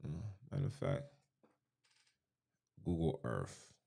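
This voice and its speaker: A man preaches through scripture on his podcast. His pitch climbs and drops all the time. He repeats key lines emphatically and keeps throwing questions at his listeners. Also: sing-song, takes it slowly, vocal fry, dark tone. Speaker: podcast host. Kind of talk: preaching-style scripture commentary.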